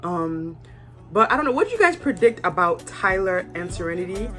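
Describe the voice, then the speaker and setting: A woman's voice: on the low side, very animated, a little fast, fairly bright tone, soft background music. Young woman, casual and blunt, talks straight to camera with her own opinions. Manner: chatty, candid, acts out cast members' lines. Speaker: reality show reviewer.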